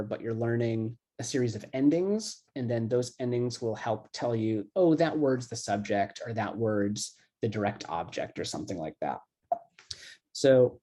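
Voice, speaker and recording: A man's voice: mid-range voice, mellow. A middle-aged man, a classics professor, explaining grammar casually in an online lecture, loose and chatty with lots of "um" and "kind of".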